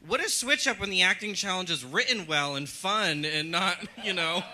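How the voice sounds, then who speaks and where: A man's voice: high voice, animated, moderate pace, sharp tone. A man hosting a bar viewing party, chatting casually and telling bawdy, joking stories into a mic. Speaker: drag queen host. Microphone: handheld mic.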